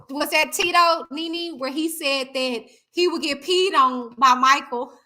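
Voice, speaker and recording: A woman hosting a casual live stream, chatting and reading out viewer comments, talking straight to her viewers. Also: high-pitched. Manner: chatty, animated, addresses viewers directly as y'all.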